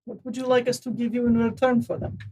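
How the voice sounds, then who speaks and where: A woman's voice: a little high, level tone, quick pace, warm tone, breathy edge. A woman, a tabletop game player, politely negotiating a trade. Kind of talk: in-character haggling at a game table.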